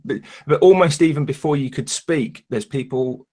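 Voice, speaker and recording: A man with a Northern English accent, a podcast co-host telling a travel story in a thoughtful, measured way. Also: a little high, warm tone. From United Kingdom. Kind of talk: casual chat.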